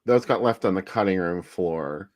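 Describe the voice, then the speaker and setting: A man joins a casual movie chat with dry, wry one-liners and mild complaints. His low voice is recorded close and dry. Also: lively intonation, normal speed, a little mellow, no echo.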